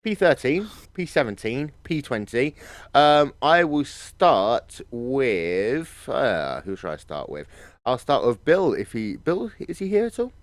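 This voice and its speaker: A man's voice: medium pitch, big pitch swings, slow, no echo, studio quality. A man presenting post-race interviews in a breezy, chatty way. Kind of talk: live sim-racing post-race interviews.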